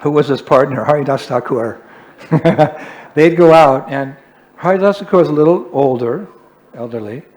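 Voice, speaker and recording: A male swami delivers a storytelling sermon in a relaxed, joking tone. He pokes fun at himself and keeps the telling animated and light. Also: on the high side, normal speed. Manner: self-deprecating, joking, animated. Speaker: swami, preacher.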